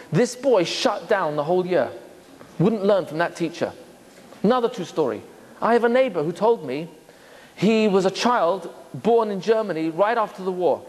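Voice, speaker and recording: Man rabbi lecturing, high voice, animated, swooping pitch, long hall reverb. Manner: animated, acts out quoted voices. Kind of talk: lecture on Torah.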